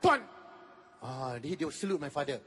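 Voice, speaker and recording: A Malaysian man in his fifties doing stand-up comedy in a lively storytelling way, acting out other people as he goes. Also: quick pace, breathy edge. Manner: animated, acts out other people with a high put-on voice. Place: large hall on stage. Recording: reverberant hall with audience ambience.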